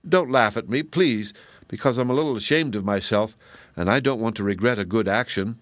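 A man voicing a gentle, cheerful scarecrow figure in a storybook reading, speaking mildly and a little sheepishly. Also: lowish voice, a little fast, no echo, lightly acted.

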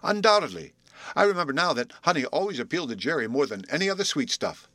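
Man reading as a level-headed young guy explaining things, bit higher voice, lively, dry. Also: fast, no echo. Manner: thoughtful, explaining. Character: calm, shrewd young man, group leader.

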